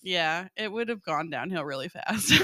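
A woman's voice: fairly low pitch, lively intonation, a little slow, bright, forceful tone, dry recording, clean studio sound. A young woman co-hosting a podcast as a hair stylist, chatting casually, laughing often and drifting into tangents. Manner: giggly, rambling, trails off into tangents. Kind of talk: casual chat.

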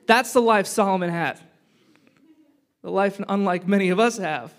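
High-voiced man preaching a casual sermon. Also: moderate pace. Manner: conversational and joking, swinging between loud punchy lines and hushed reflective ones. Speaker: pastor.

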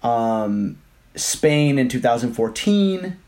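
A man co-hosting a casual sports podcast, talking animatedly about football players and teams. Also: medium pitch. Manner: animated, quick to correct pronunciation. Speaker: podcast co-host.

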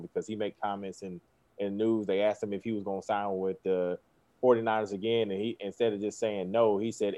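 Animated man telling coaching stories. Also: lowish voice, a little fast. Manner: animated storyteller, acts out kids' voices, laughs often. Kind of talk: casual podcast chat.

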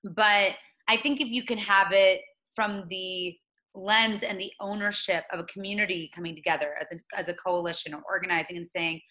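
A woman in her late twenties speaking as an interview guest, earnest and reflective, often pausing and restarting. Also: mid-range voice, steady tone, pushed and bright, rough recording. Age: 20s. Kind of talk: conversational interview.

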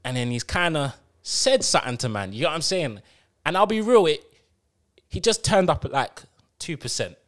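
A man tells a story among friends on a podcast. His fairly high voice swoops widely as he acts out what people said, with plenty of slang. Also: normal speed. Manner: animated, slangy, acts out quotes with big pitch jumps. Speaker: podcast co-host. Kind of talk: casual storytelling chat.

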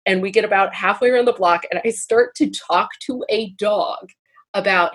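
A husky-voiced woman hosting a relaxed conversation. She tells animated stories and breaks into easy laughter. Her tone has a slightly breathy edge. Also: mid-range voice, normal speed. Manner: laughs freely, animated storytelling. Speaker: podcast host. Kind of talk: casual conversation.

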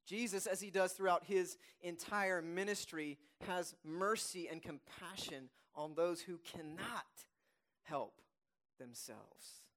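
Emphatic preacher man with a higher voice. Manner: emphatic, repeats key phrases; reads scripture slowly and softly. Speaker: pastor. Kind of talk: sermon.

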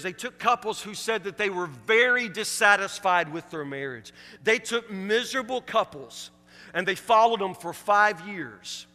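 A male pastor delivers a sermon in a strikingly high, bright voice. He hammers at his listeners with repeated rhetorical questions. His words ring out with a long reverb, as in a large church sanctuary. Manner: emphatic, repetitive rhetorical questions.

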